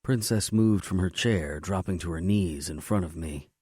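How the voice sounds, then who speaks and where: Brief: male romance audiobook narrator, lowish mellow voice, dry close-mic studio read. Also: moderate pace, slightly rough, no echo.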